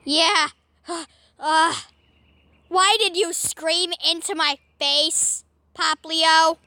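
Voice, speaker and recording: Brief: woman doing a high, slow-talking, weary male ghost puppet. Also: steady tone, bright, forceful tone, no room sound, heavily acted. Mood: exasperated. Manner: sighing, exasperated, stammering. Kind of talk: homemade toy skit.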